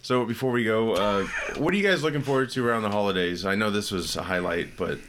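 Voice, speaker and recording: A man's voice: lowish voice, quick pace, background noise. A man hosting a casual podcast chat, asking his co-hosts questions and steering the talk.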